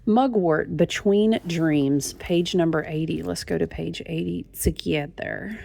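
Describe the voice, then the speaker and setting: A woman's voice: lowish voice, steady tone, unhurried, creaky, dark tone, no echo. A woman tarot reader in a gushing, chatty talk to her viewers, often calling them y'all. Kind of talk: casual chat.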